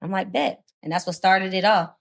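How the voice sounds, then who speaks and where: A young woman, a radio personality and guest, telling her story in a casual, animated way with heavy slang and swearing. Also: mid-range voice, fast talker. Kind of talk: casual chat.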